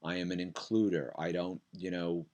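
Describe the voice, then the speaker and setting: A man with a somewhat low voice speaks straight to middle schoolers in a recorded video message. He sounds upbeat and encouraging, like a motivational speaker who visits schools. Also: moderate pace. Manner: upbeat, direct, encouraging address to kids; loud, energetic opening greeting.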